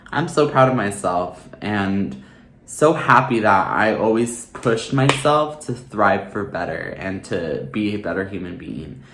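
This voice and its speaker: A man's voice: on the low side, fairly bright tone, echoey room. A man speaking earnestly and openly in a personal vlog, reflecting on his year and giving advice. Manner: earnest, open and heartfelt, with filler "like" and "you know". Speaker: vlogger.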